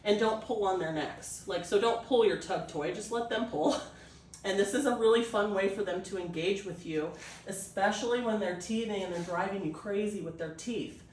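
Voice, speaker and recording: A woman breeder explaining a puppy temperament test, switching between high coaxing puppy talk and calm explanation. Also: moderate pace, recorded from a distance, slight background noise. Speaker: dog breeder. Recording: echoey room, voice off-mic.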